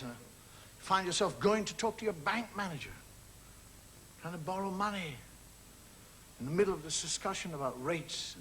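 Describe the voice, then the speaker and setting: Male stand-up comic, bouncy animated delivery, confiding with a studio audience, mimes small scenes. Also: high-pitched. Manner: conversational, confiding asides to the audience; acts out little scenes with mimed sounds. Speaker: stand-up comedian. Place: television studio with live audience. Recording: noisy old television recording with audience laughter.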